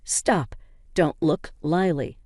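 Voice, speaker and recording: A woman's voice: low voice, slow pace, warm tone, no echo, clean studio sound. A defensive, guilty husband, read by a woman. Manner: evasive, defensive. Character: guilty, defensive husband and father, adult man.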